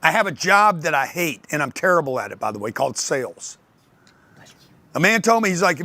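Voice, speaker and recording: An older man giving a motivational talk on sales to an audience, telling lively stories and acting out the voices of other people. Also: fairly high pitch, a little fast, dry recording. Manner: animated storytelling, acts out others' voices. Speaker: speaker on sales and wealth.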